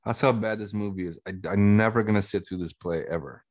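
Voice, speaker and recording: A man's voice: fairly low pitch, fast talker. A man co-hosting a podcast, bluntly scorning a movie in casual chat. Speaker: podcast co-host.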